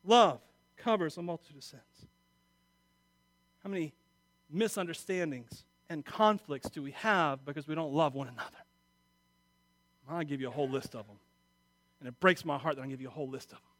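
Male pastor, middle-aged, high bright voice, dry close sound, emotional preaching that swings between hushed and loud. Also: normal speed, long pauses, no echo. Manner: emotional, swings from quiet confiding to loud exhortation. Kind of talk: sermon.

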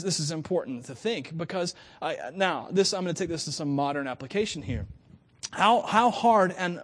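A man preaching a sermon as pastor, conversational and lively, often laughing and acting out quotes. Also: sits high.

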